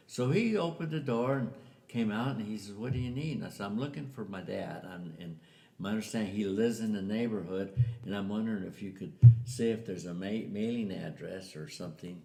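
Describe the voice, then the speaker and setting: An older man with a very low, gravelly voice tells a family story in a relaxed, chatty way. He slips into the voices of the people he quotes. The recording carries a noticeable room echo. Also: normal speed. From US Southwest. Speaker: interviewee telling a family story. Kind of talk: casual storytelling. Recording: echoey room.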